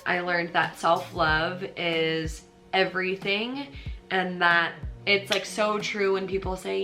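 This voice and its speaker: A woman's voice: lowish voice, steady tone, takes it slowly, pushed and bright, soft background music. A young American woman, a yoga teacher, telling her personal story in a chatty, earnest, emotional vlog, full of "like". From United States.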